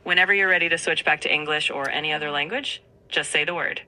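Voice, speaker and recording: Woman's voice, AI assistant, very bright tone, low pitch, upbeat polished phrasing. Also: quick pace, rough recording. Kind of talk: synthetic assistant reply.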